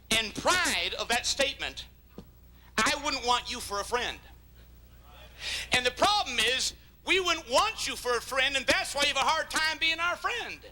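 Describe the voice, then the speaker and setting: Fiery older preacher with a lively, bright voice. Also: male voice, extremely high pitch, rough recording. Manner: fiery preaching, swinging from quiet asides to shouting. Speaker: pastor. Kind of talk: sermon.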